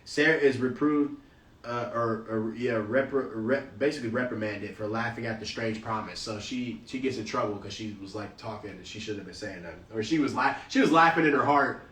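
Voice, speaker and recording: A man's voice: mid-range voice, fairly quick, fairly bright tone. Man reading scripture from across a roomy space. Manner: loose slangy asides between scripture. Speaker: Bible study host. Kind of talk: casual Bible reading and commentary. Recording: roomy, distant from the mic.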